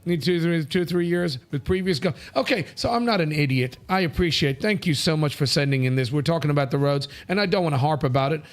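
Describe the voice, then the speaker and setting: A male talk show host from India reads viewer comments live, blunt and brash, quick to joke and swear. His voice sits a little high for a man. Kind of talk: casual live show chat. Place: studio.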